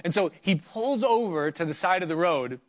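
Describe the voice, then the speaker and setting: A middle-aged man preaching through a personal story in a loose, conversational way. His voice sits a bit high for a man, and it lifts further when he drives home a point. He sounds earnest and anecdotal rather than formal. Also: animated, moderate pace. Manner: earnest, anecdotal, rises in pitch for emphasis. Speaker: preacher sharing testimony.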